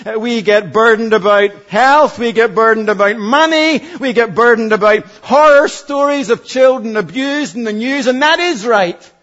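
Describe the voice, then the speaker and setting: A man in his forties preaching a sermon as pastor, earnest, dropping from loud emphasis to hushed asides. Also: very high-pitched, moderate pace, hardly any pauses, muffled recording. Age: 40s.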